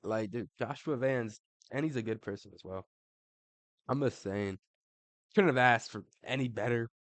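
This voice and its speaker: A man's voice: medium pitch, moderate pace, no room sound. A young adult man giving casual ranking commentary, slangy and profane, saying "bro" after nearly every line. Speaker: MMA commentator.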